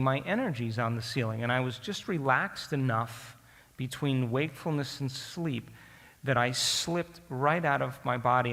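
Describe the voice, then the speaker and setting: A man giving a storytelling lecture to an audience, speaking in an animated way and often asking the listeners questions. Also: mid-range voice, gravelly, long reverb tail.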